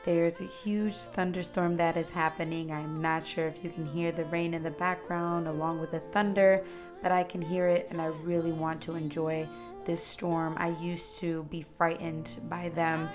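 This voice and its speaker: A woman's voice: on the low side, little pitch movement, moderate pace, over music. A woman hosting her own podcast, giving an earnest and encouraging motivational talk straight to her listeners. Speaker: podcast host. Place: at home indoors.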